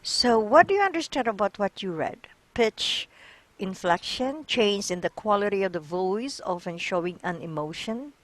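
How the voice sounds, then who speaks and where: A patient woman teaches English, guiding a student through a reading and checking in often with "okay?" and "right?". Her voice sits at a middle pitch. The sound is dry and close. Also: expressive, normal speed, dry recording. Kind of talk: coaching a learner through reading.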